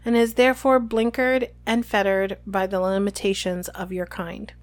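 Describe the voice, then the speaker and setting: A woman voicing a calm, aloof male centaur teacher, reading his lines slowly and evenly. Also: medium pitch, close to an everyday voice. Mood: calm, lofty. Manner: slow, measured reading.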